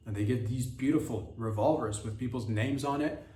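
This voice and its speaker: A man's voice: medium pitch, normal speed, warm tone, distant mic. Guy doing a crude rambling comedy podcast bit, sounds a bit off mic in a roomy space. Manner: rambling and crude, with mock-innocent asides. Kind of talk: improvised comedic monologue.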